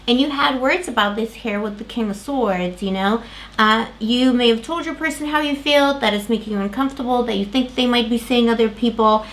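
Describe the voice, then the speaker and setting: A woman's voice: on the high side, a bit bright. A woman giving a tarot reading to camera, rambling with many fillers and restarts while losing her voice. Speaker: tarot reader.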